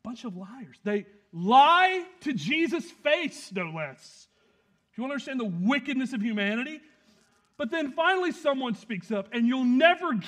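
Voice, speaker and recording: Male pastor, high-pitched, preaches with loud emphasis and soft asides, acts out quotes. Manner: animated, swings between loud emphasis and quiet asides; plays out the scene with quick acted quotes. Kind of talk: sermon.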